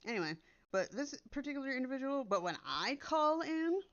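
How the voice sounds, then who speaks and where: Using her computer's built-in mic rather than her usual one, a woman content creator sounds dull and lo-fi. She talks casually, swearing and being blunt and direct. Her high-pitched voice is sing-song, brisk, smooth, and fairly bright.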